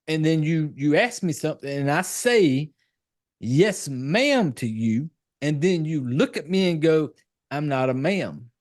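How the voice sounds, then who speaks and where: Southern man with a drawl, slightly high voice. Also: very animated, measured pace, darkish tone, dry recording, studio quality. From South Carolina. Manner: profane, rambling storyteller with a country drawl. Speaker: podcast co-host. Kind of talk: casual chat.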